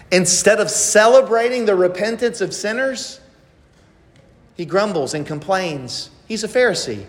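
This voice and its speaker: A man's voice: sits high, in a large hall. A man preaching a sermon who presses the listeners with pointed rhetorical questions. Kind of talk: expository sermon.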